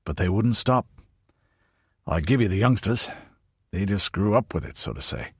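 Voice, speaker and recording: A man's voice: on the low side, animated, normal speed, slightly rough, no room sound. A man voicing an older veteran soldier, dry and derisive.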